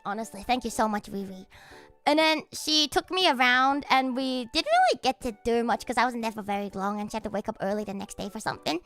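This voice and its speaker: Her voice sits on the high side as she chats loosely with her livestream audience. Excitable and foul-mouthed, she often dissolves into laughs.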